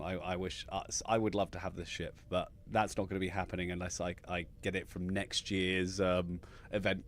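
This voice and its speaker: A man hosting a casual live chat show, excitable and quick to gush. His voice sits a little low. He trips over his words and restarts often. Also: a little hiss or hum. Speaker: podcast host.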